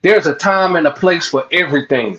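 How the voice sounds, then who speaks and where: A man on an online panel with a fairly high voice, arguing calmly and in measured steps. His audio sounds dull and lo-fi. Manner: calm, measured, repeats his point. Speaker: panelist on a sports stream. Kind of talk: casual panel debate.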